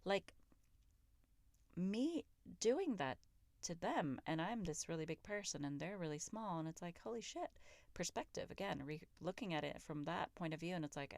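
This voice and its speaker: Low-voiced, candid woman podcaster, profane and raw. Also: animated, normal speed, a little mellow, no echo. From raised in a Pakistani immigrant family. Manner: raw, profane, emphatic and self-reflective. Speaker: podcast host. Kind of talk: candid solo podcast monologue.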